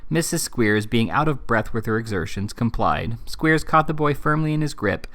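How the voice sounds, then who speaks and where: A man reading a classic novel aloud in steady, even narration. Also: medium pitch, normal speed. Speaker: reader.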